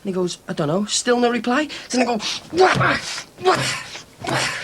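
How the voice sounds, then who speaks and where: A man's voice: extremely high pitch, fast talker, heavy background noise. An actor playing a cocky, boastful young ex-con in a TV soap, telling his story. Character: cocky young ex-con man, brash braggart. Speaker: small-time criminal. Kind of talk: TV soap drama acting.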